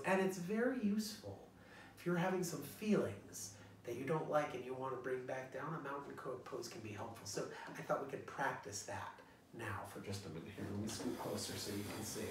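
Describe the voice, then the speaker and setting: A man teaching young children in an online singalong, talking gently and encouragingly in a playful way. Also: mid-range voice, slight background noise. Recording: roomy echo, distant from the mic, guitar.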